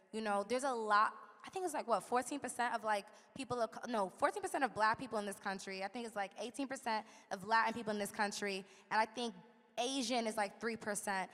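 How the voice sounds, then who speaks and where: A woman's voice: fairly high pitch, a bit bright. A woman hosting a live panel conversation, chatty and loose with filler words, in a large event hall. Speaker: panel host.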